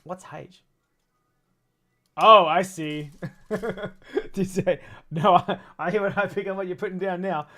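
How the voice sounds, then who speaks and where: A man's voice: high voice, fairly even intonation, unhurried, long pauses, bright, forceful tone. A man in his thirties chatting casually to his stream while building a toy kit, rambling, swearing and laughing often. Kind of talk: casual livestream chat.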